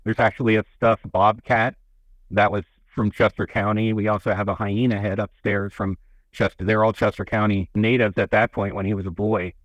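A man's voice: on the low side, flat delivery, normal speed, dry recording, low-quality recording. A man being interviewed on a radio show about a local museum, telling its stories in a folksy, rambling way with many restarts. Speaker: museum representative. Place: radio studio. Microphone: studio microphone.

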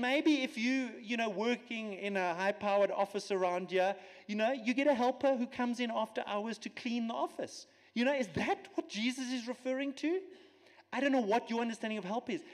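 A man giving a sermon as a guest preacher, animated and teaching with everyday examples and asides. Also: high voice, in a large hall. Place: church.

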